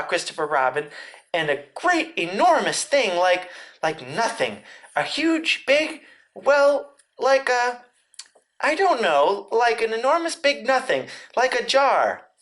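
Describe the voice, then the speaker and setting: Squeaky, panicky little Piglet. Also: male voice, very animated, slow, fairly bright tone, heavily acted. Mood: breathless. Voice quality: squeaky, breathless and stammering. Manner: panicky, tumbling over his words. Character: tiny timid young male piglet, easily frightened. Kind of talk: storybook read-aloud.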